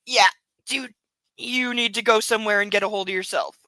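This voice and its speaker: A woman's voice: mid-range voice, steady tone, a little fast, pushed and bright, dry recording, low-quality recording. A woman at home reading a book aloud and adding sarcastic, swearing commentary. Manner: sarcastic, swears freely, talks to her dog.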